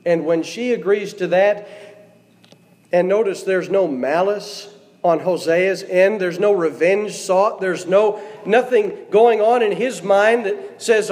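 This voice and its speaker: In a church sanctuary, a man with a high-pitched, slightly mellow voice preaches slowly, reading scripture aloud and asking the congregation questions. A long hall reverb fills the recording.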